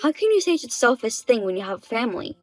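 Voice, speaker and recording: A woman's voice: a little high, very animated, quick pace, low-quality recording. A woman voicing the wronged wife in a dubbed story drama, speaking plainly and with indignation.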